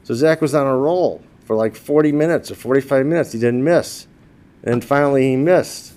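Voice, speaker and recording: A man's voice: mid-range voice, normal speed, warm tone. Older man telling funny eulogy stories. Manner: humorous storyteller who laughs at his own stories. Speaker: widower giving a eulogy. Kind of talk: funeral eulogy told as personal anecdotes.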